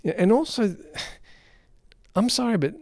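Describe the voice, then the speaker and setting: Male film reviewer, fairly high voice, rambling and unscripted, dry close sound. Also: expressive, takes it slowly, a little mellow, dry recording. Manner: rambling, off-the-cuff, exasperated. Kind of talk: unrehearsed spoken film review.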